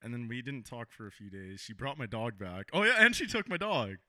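A man co-hosts a casual podcast, profane and quick to laugh as he tells a story. His voice is very bright and lively in pitch, and the recording is dry and close. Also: no room sound. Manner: profane, laughs often while telling stories. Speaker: podcast co-host. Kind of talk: casual chat.

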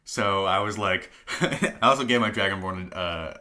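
Bright-voiced young man, laid-back chat. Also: deep voice, a little slow. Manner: laid-back, laughs often, many likes. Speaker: podcast co-host. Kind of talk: casual chat.

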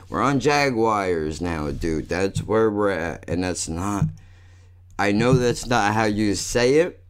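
A man with a somewhat low voice rants off the cuff, profane and rambling. He tacks "dude" and "bro" onto nearly every thought in a loose, casual commentary.

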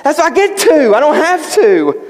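A man's voice: very high-pitched, very animated, moderate pace, darkish tone. A man preaching a sermon as pastor, impassioned, repeating words and asking rhetorical questions. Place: church sanctuary. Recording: long reverb of a large hall.

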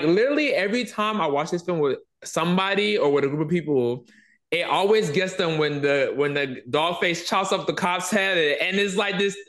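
A man hosting a podcast, telling stories animatedly in casual conversation. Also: high voice. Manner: animated storytelling, swearing. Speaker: podcast host.

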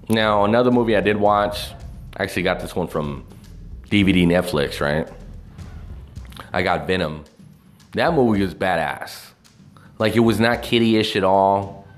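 A man ranting casually about movies, profane and rambling, with lots of fillers and restarts. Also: sits low. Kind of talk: casual movie review rant.

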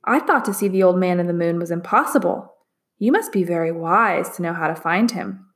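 A woman voicing a sad, gentle young male dragon who speaks slowly and sorrowfully in a storybook reading. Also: lowish voice, lightly acted. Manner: slow, sorrowful, halting.

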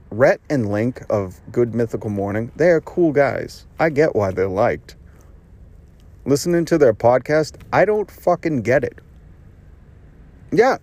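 A man's voice: medium pitch, darkish tone, dry recording. A man hosting his own podcast, delivering a rambling, sarcastic and profane solo rant. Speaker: podcast host. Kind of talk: ranting monologue.

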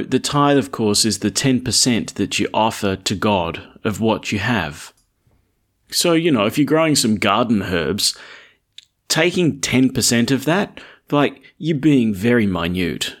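A man, a priest reading the Gospel and then preaching a chatty, lightly humorous homily. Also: mid-range voice.

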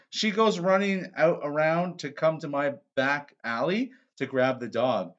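A man's voice: a little high, lively intonation, moderate pace, few pauses, fairly bright tone, highs cut off. A man, a podcast co-host, telling crude stories in casual, mock-defensive chat.

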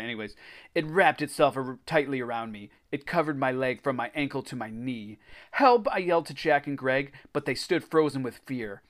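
A man's voice: medium pitch, fairly bright tone. A man hosting a podcast, reading a children's horror story aloud and breaking off for laughing, swearing asides. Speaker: podcast host.

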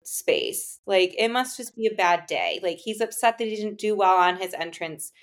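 A woman's voice: medium pitch, moderate pace. A young woman telling a personal story in casual conversation, filling it with "like" and acting out both sides of past exchanges. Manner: conversational, many fillers, acts out dialogue. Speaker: guest telling her story.

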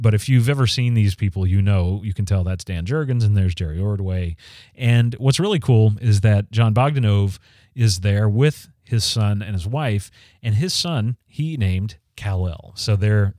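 Male podcast host, slightly low voice, relaxed talky delivery with lots of ums, dry sound. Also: a little slow, no room sound. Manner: conversational, frequent ums and restarts. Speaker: podcast host reviewing comics. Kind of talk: casual spoken review.

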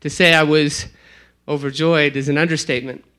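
A man playing a grateful father in a first-person monologue, telling his story slowly and earnestly. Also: on the high side, level tone, bright, forceful tone. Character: grateful father whose daughter was raised.

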